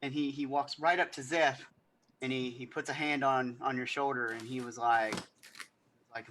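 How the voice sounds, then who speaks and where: Guy running a tabletop game, rambly and casual, mid pitch, faint background hum. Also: steady tone, moderate pace, a bit bright. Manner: rambling, loose, full of fillers. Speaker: game master.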